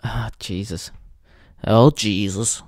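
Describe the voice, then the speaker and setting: Crude rambling English podcaster. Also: male voice, fairly low pitch, fairly even intonation, slow, a little mellow, no room sound, clean studio sound. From England. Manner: crude, rambling, laughs at his own jokes. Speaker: podcast host. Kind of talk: casual comedic monologue.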